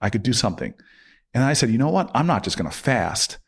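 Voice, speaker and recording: A man in his forties tells a long personal story in a relaxed interview. His voice sits fairly low but swings up sharply whenever he acts out an argument between two people. His talk is lively and full of feeling. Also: brisk, slightly rough. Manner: animated storyteller, acting out both sides of arguments. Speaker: podcast guest.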